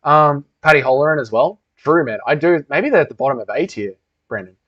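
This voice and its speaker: A man's voice: fairly high pitch, expressive, fairly quick, a bit bright. A young man hosting a casual livestream Q&A, reading chat aloud and bantering crudely with heavy swearing. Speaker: livestream host. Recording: dull lo-fi stream audio.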